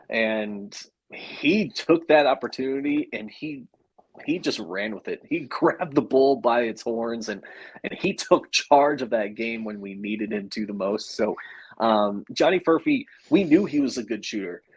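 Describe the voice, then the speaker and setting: A man from the co-hosts a sports podcast with a husky, slightly rough voice. He talks eagerly and laughs easily, with a few fillers along the way. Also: mid-range voice, animated, measured pace, poor audio. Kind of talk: casual sports podcast chat.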